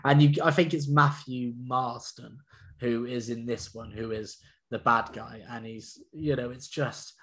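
Man, co-host, relaxed and hedging, recapping a film. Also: mid-range voice, measured pace. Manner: hedging, easygoing, many fillers. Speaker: podcast co-host. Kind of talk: casual film chat.

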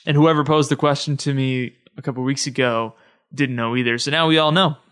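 A man's voice: medium pitch, fairly even intonation, a little fast, a bit bright, clear, resonant tone. A man hosting a podcast alone, talking to listeners in a chatty, easygoing way. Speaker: podcast host. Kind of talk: casual solo podcast monologue.

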